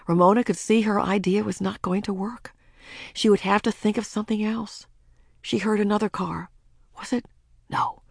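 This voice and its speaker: Gravelly husky woman reading a storybook. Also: on the low side, no room sound, clean studio sound. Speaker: audiobook narrator. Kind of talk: storybook narration.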